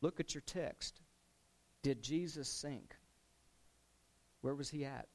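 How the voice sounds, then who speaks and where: Animated male preacher telling a story. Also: mid-range voice, slow. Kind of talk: sermon.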